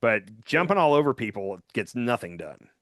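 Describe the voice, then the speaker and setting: A man co-hosting a political podcast, talking casually and acting out quotes in a lively way. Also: medium pitch, no echo, studio quality. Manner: animated, quick to act out quotes. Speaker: podcast co-host.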